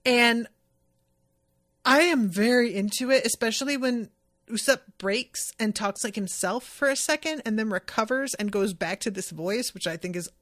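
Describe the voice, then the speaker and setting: A woman's voice: fairly high pitch, moderate pace, fairly bright tone, dry recording. Chatty woman podcaster, dry close sound. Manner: chatty, rambling, many fillers and asides. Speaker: podcast host. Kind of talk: casual chat recapping an anime episode.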